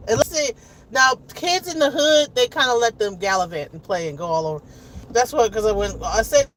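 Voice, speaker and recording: A woman's voice: on the high side, lively intonation, a little fast, a bit bright, rough recording. A woman from Detroit in her forties, chatting casually and rambling heartfelt to camera on a school run. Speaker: vlogger and mother. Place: inside a car on a school run. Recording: car road noise behind.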